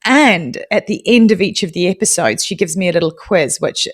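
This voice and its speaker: A woman with a New Zealand accent chats as a guest on a live audio show. Her voice sits fairly low, and she talks in a bubbly, self-mocking way, often breaking into laughter. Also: expressive, normal speed. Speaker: podcast guest.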